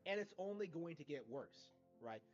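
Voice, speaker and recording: Man, opinionated commentator, argumentative, muffled lo-fi audio, clear music underneath. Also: a little high, lively intonation, normal speed. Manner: argumentative, leans on tag questions. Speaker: video commentator. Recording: dull lo-fi clip with music.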